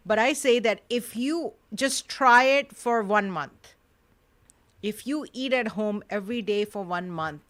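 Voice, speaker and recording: A woman's voice: medium pitch, measured pace, a bit bright. A woman co-hosting a podcast, chatting casually and filling her talk with "like" and "you know". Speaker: co-host.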